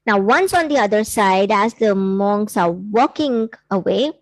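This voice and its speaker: A woman's voice: mid-range voice, expressive, a little slow, dry recording, poor audio. A woman coach hosting a live-streamed workshop. She talks earnestly, with many fillers, to viewers she invites to write in. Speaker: intuitive coach and workshop host.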